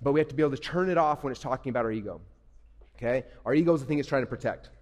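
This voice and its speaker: Fast-talking man on a stage in a hall. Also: mid-range voice. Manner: animated, acts out inner voices, asks the audience questions. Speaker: speaker at a youth event. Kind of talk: energetic stage talk to kids. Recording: long hall reverb.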